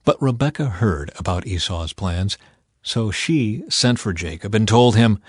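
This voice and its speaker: A man's voice: on the low side, expressive, no echo. Man reading scripture, dry close sound. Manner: measured, clear storytelling. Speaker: narrator.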